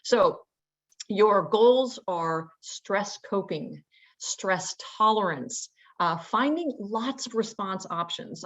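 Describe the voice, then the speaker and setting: A woman presenting a training webinar, explaining ideas in a conversational way with fillers and rhetorical questions. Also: medium pitch. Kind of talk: instructional webinar talk. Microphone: remote webinar audio.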